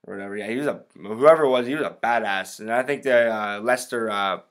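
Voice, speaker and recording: A man's voice: lowish voice, fast. A young American man hosting a podcast, giving a rambling, profane and blunt solo soccer preview in casual talk. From United States. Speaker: podcast host. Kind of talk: casual solo sports commentary.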